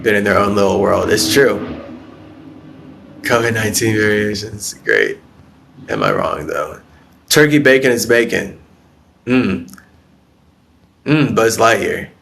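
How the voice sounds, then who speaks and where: A man's voice: lowish voice, creaky, fairly bright tone. A man hosting a spiritual live stream who talks bluntly and profanely, rambling through his ideas, answering viewer comments and breaking into laughs.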